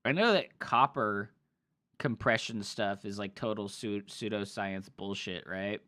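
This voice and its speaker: A man streaming and co-casting a match in loose, casual commentary, swearing freely and getting excitable. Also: lowish voice, measured pace.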